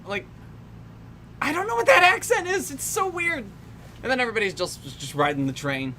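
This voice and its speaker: A woman's voice: high voice, expressive, fast, pushed and bright. A young woman giving casual, wry commentary over a film, laughing often and trailing off mid-sentence. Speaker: commentary host. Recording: faint background noise.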